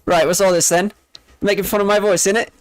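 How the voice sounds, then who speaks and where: A man's voice: sits high, little pitch movement, unhurried, a bit bright, pitched above the performer's own voice. A man putting on an exaggerated, slangy parody of a cheeky British bloke. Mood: teasing.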